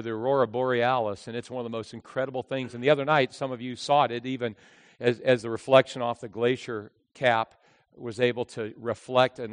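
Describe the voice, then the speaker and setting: A man preaching a sermon as a pastor, animated and acting out the characters in his story. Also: mid-range voice, no echo, in a large hall. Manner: animated, acts out voices of characters.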